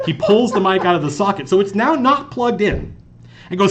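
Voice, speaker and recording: A game master hosting a live stream from an office conference room talks a little fast in a voice that sits high. Recorded on a lapel mic, he rambles through casual stories with animation and frequent restarts.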